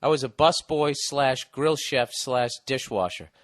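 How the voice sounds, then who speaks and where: A man's voice: mid-range voice, measured pace, fairly bright tone. A middle-aged man with a Boston accent, hosting an advice podcast and reading out listener mail in a profane, ranting storytelling manner.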